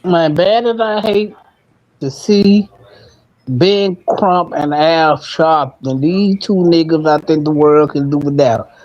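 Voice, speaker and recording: A man's voice: fairly high pitch, takes it slowly, darkish tone. A man joining a livestream chat, speaking bluntly and outspokenly. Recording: dull lo-fi sound.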